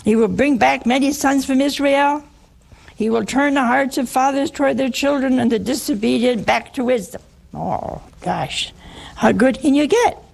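A woman's voice: high-pitched, normal speed, gravelly, darkish tone. A woman preacher giving a sermon to a live audience, humorous, teasing and conversational.

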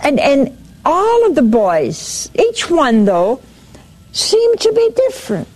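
A woman's voice: sits high, wildly swooping pitch, slow pace, darkish tone. A woman giving a sermon, retelling a story and quoting its speakers, with frequent restarts.

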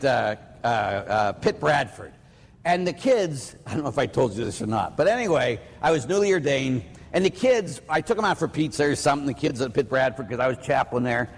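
Priest preaching in a reverberant hall. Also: male voice, fairly high pitch. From Pittsburgh, USA. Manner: storytelling, anecdotal and plainspoken. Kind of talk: conversational sermon.

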